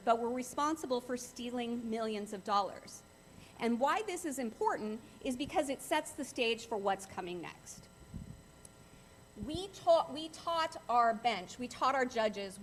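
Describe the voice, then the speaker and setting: Middle-aged woman, guest speaker at a club talk, earnest, repeats for emphasis, light noise in the room. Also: on the high side.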